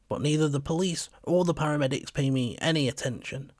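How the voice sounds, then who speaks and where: Measured male storyteller. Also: on the high side, a little mellow, no room sound, clean studio sound. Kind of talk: scripted narration.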